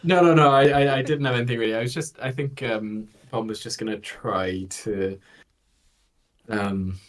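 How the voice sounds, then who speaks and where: A man playing a tabletop game, speaking in a hesitant, soft-spoken way. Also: medium pitch, fairly even intonation, normal speed. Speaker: player. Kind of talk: casual chat.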